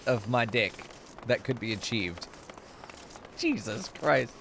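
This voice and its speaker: A man's voice: mid-range voice, sing-song, slow, creaky, a bit bright, slight background noise. A man streaming a game, joking crudely and laughing often in casual commentary.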